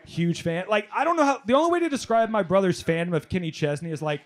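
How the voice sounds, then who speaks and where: A man doing a stand-up comedy set on a club stage, telling animated stories, working the crowd and shouting some punchlines. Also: sits high, fast talker.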